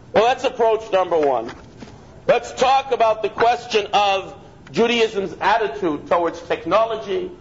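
A man, a rabbi, giving a conversational lecture with stories, asides and frequent restarts. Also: sits high. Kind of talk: lecture with storytelling. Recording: dull lo-fi with faint noise.

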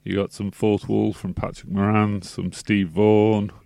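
A man's voice: on the low side, level tone, a little slow, creaky, warm tone, clear, resonant tone, no room sound. A man, a radio DJ rambling through a laid-back sign-off with many fillers. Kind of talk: casual radio sign-off chat. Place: radio studio.

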